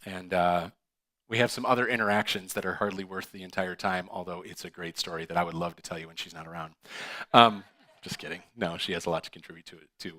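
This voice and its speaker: Guy pastor telling a funny story from the pulpit, bright sharp voice, dry sound, acts out all the lines. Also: low-pitched, no room sound. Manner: animated, acts out dialogue with laughs. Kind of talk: storytelling sermon. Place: church.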